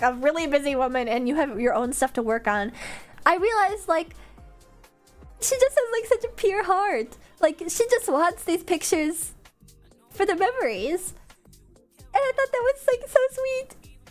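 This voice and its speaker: Young woman, high voice, casual stream chat, animated, laughs often, soft music behind. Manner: animated, laughing, swooping pitch, many fillers.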